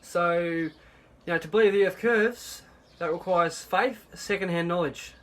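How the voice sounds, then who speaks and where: High-pitched man, halting and assertive, talking to camera. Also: a bit bright. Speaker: flat earth video maker. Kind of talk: monologue clip.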